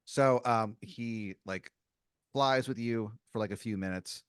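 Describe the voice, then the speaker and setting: A man's voice: lowish voice, a little slow, fairly bright tone, smooth, no room sound, studio quality. A man hosting a comedy podcast, narrating an improvised story with lots of filler words. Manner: rambling, heavy on filler words. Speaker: improv game master.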